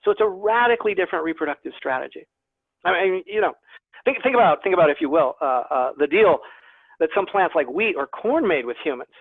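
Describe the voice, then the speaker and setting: High-voiced man lecturing over a tinny call. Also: animated, fairly quick, slightly rough, no room sound. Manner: chatty, self-deprecating humor, repeats words. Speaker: guest lecturer, plant scientist. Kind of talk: online lecture to a naturalist club. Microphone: video call. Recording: tinny, phone-like video call audio.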